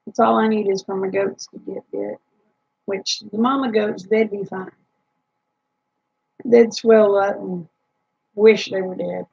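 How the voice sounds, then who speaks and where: A woman's voice: medium pitch, fairly even intonation, a little slow, vocal fry, long pauses, a little mellow, slightly rough, dull audio. A tired woman, rambling chattily to live chat viewers about her homestead with lots of fillers. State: tired, yawning.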